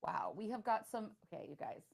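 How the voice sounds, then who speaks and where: A woman's voice: medium pitch, lively intonation, vocal fry, a little mellow. A woman co-hosting a livestream, talking enthusiastically and jumping in often. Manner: enthusiastic, talkative, quick to jump in. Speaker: livestream co-host. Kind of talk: casual livestream chat.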